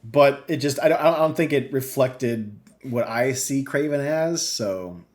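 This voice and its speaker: A man co-hosting a gaming podcast rambles through his take, full of ums and casual swearing. He gets animated when something bugs him. His voice sits at an ordinary middle pitch. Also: unhurried. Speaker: podcast co-host. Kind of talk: casual chat.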